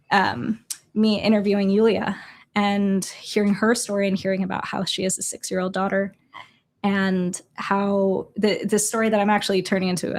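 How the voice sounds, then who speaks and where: A young adult woman from Chicago, a journalist guest, telling a story in an earnest, halting way with quoted dialogue. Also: mid-range voice. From Chicago, USA. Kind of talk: storytelling in a conversational interview.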